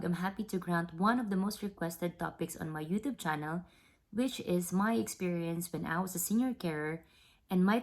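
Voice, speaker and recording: Low-voiced woman vlogging. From Philippines. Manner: earnest and explanatory, often repeats words. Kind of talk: casual vlog talk.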